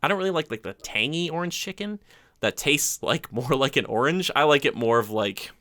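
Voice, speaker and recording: A man's voice: mid-range voice, lively intonation, fairly quick, sharp tone, dry recording, clean studio sound. A man co-hosting a podcast in casual chat, enthusiastic and rambling, with many fillers. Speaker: podcast co-host.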